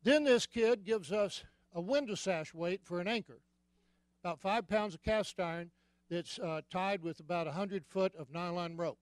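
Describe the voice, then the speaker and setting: A man preaching a sermon as a comic, animated storyteller who sometimes bursts out loudly. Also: high voice, moderate pace, no room sound. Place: church sanctuary.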